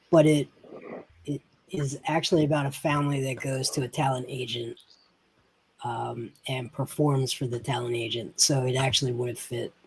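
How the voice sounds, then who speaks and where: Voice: mid-range voice, fairly even intonation, normal speed, a little hiss or hum, poor audio. A podcast co-host chatting casually, explaining a documentary with enthusiasm. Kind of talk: casual chat.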